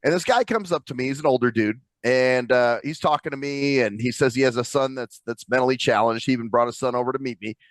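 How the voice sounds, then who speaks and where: A man's voice: mid-range voice, fast talker, few pauses, no echo. A man co-hosting a casual podcast over a video call from home, telling stories with plenty of swearing. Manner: profane animated storyteller. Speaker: podcast co-host. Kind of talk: casual chat.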